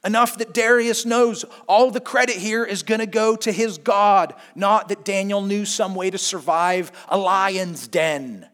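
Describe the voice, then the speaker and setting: Expressive preacher with a high male voice. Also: a little slow, hardly any pauses. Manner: expressive storytelling, swings between hushed and emphatic. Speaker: pastor. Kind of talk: sermon.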